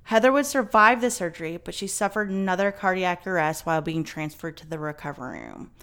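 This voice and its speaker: Woman podcaster, chatty and casual, kinda low voice, lots of likes and ums. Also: big pitch swings, brisk, a bit bright. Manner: chatty, many fillers, swears. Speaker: podcast host. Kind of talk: casual storytelling chat.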